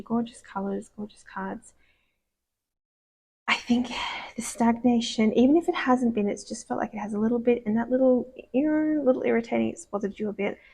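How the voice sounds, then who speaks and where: A woman giving a casual, rambling tarot card reading, gushing and soft-spoken, sometimes dropping to a whisper. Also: on the high side, creaky. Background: dogs barking.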